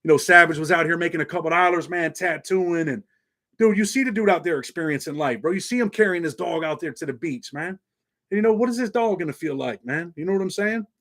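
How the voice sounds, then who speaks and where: Speaking fast in a slightly high, fairly bright voice, this New York man in his forties hosts his channel with a laid-back, streetwise monologue. A faint Southern country twang colors his speech, and he keeps dropping "man" at his viewers.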